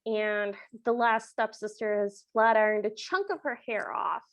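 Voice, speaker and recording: A woman's voice: mid-range voice, unhurried, dry recording. A woman co-hosting a podcast, chiming in with plot details and her own feelings about the film. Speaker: podcast co-host. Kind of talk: casual recap chat.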